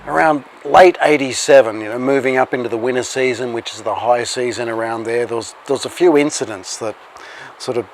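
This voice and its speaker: Animated male storyteller recounting events. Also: medium pitch, brisk, slight background noise. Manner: animated, acts out dialogue in the retelling. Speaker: interviewee recounting past events. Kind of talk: casual storytelling.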